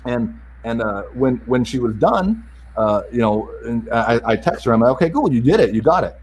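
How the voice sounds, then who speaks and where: A middle-aged man telling a family story in a casual interview, animated and acting out the other voices in it. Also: medium pitch, moderate pace, slight background noise, poor audio. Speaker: podcast guest.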